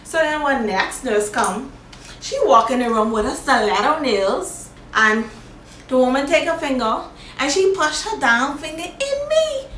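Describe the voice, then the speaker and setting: A woman vlogger telling a personal story in a casual, animated, plain-spoken way. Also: sits high, unhurried. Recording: echoey room, faint background noise.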